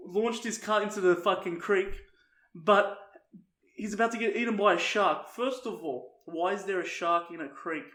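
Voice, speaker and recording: A man's voice: high-pitched, fairly bright tone, roomy sound. A young Australian man co-hosting a podcast, telling crude comic stories full of swearing and laughter. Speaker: podcast co-host. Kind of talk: casual comedic chat.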